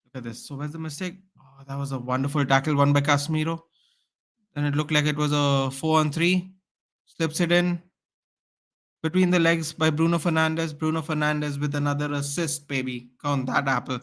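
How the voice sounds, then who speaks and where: A man's voice: a little high, fairly even intonation, moderate pace, fairly bright tone. A man hosting a live football watchalong, calling the play as a partisan fan and chatting with viewers. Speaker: watchalong host.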